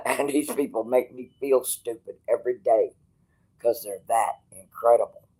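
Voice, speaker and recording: A man livestreaming from a hospital bed, rambling bluntly and with swearing, going from quiet musing to loud, stubborn outbursts. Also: medium pitch, a little slow, breathy edge, poor audio. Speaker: streamer.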